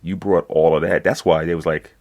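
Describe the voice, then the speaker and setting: Very deep-voiced New man. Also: a little fast. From Brooklyn, New York. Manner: animated, streetwise, swears freely, many "you know what I'm saying". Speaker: guest, code enforcement instructor. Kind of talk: casual interview talk.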